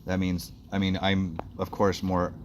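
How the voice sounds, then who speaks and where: A man working as a dog trainer, coaching an owner outdoors in an animated, explanatory way. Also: sits low, a little slow, a little hiss or hum. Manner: explanatory, animated, acts out the dog's thoughts.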